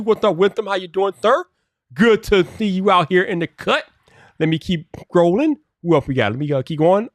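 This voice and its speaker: A chatty man hosting a live stream, greeting each viewer by name in a fairly high voice. He laughs easily and mutters to himself between greetings. The sound is close and dry. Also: no echo. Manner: mutters to himself while fixing software. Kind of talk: casual live stream chat.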